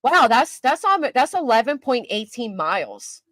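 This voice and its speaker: A woman's voice: fairly high pitch, very animated, moderate pace, a bit bright, no echo, studio quality. An older woman hosting a casual live-stream commentary, chatty and self-mocking, answering her chat as she goes. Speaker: YouTube commentary host.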